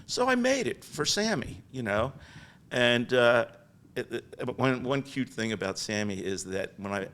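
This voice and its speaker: Older male guest, chatty storyteller, mid-pitched, animated and rambling, podcast interview. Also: normal speed, slight background noise. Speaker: guest business founder. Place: podcast studio.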